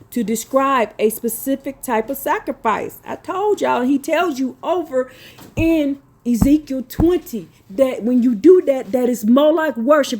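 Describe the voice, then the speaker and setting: A woman reading religious notes slowly, then breaking into blunt, profane, scolding asides. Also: fairly high pitch, darkish tone. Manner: slow deliberate reading broken by scolding rants. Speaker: religious teacher.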